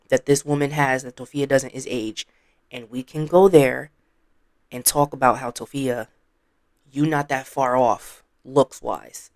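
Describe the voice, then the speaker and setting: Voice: medium pitch, no echo, studio quality. Blunt, sassy commentary vlogger. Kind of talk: casual commentary.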